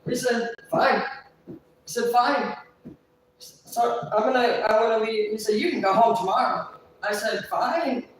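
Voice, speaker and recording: A woman's voice: fairly high pitch, steady tone, normal speed, a little hiss or hum. A woman telling a long story on a livestream in a rambling, profane way, swearing constantly. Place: indoors, live stream. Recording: roomy echo, distant mic.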